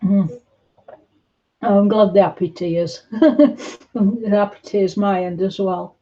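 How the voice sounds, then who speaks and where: Slow soft-spoken woman on a livestream, mellow, kinda muffled audio. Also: mid-range voice. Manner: gentle, reassuring, calls viewers sweetie. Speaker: livestream host. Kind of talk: casual livestream chat reading comments.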